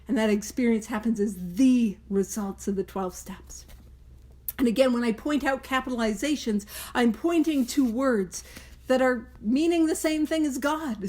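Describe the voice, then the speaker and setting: Slightly high and a little mellow, this woman's voice belongs to a study-podcast host guiding a study group. The casual talk is earnest and emphatic, sprinkled with playful asides.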